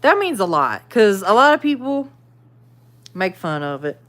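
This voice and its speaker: A woman's voice: medium pitch, sing-song, unhurried, a bit bright. Southern lady doing a casual live chat, laughs a lot, says y'all, kinda self-deprecating. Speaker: channel host reading live chat.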